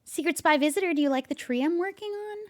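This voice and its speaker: A woman streaming a game, chatting and playing along with an unseen visitor, easily startled and quick to gasp and laugh. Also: extremely high pitch, expressive. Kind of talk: casual gameplay commentary with light role-play.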